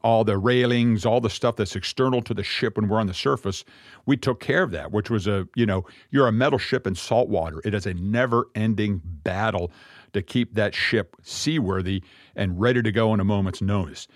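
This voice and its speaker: A middle-aged man, a Messianic rabbi, telling a personal story as a sermon in an earnest, reflective way, with pauses and restarts. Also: lowish voice, dry recording, clean studio sound.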